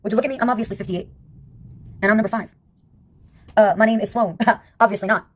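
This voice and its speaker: A woman's voice: mid-range voice, steady tone, quick pace. A woman in her fifties telling stories in a casual monologue, wry and sarcastic, laughing at her own anecdotes. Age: 50s. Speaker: vlogger.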